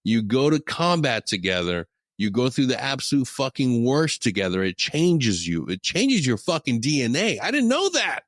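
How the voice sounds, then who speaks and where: A man's voice: mid-range voice, sing-song, moderate pace, hardly any pauses, no room sound. A man hosting a podcast who tells blunt, profane stories in casual talk. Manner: blunt, heavy swearing, storytelling. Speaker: podcast host.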